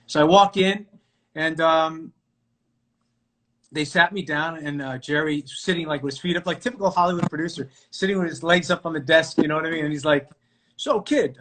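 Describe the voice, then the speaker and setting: A middle-aged man from New York, an actor guest telling stories casually on a live video call, animated and full of fillers and restarts. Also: on the high side. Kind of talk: casual storytelling interview.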